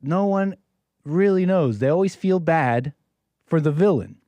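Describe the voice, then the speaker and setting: A man's voice: on the high side, lively intonation, unhurried, mellow, dry recording. An American man giving rambling, preachy solo commentary, often repeating his phrases. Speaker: streamer commentator.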